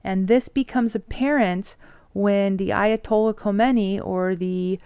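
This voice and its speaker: A woman explains history in a loose, conversational lecture, tossing in slang as she goes. Her voice is smooth and clear. The sound is close and dry, with no room echo. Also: mid-range voice, steady tone, unhurried, warm tone. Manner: chatty, breezy, slangy storytelling. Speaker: history teacher.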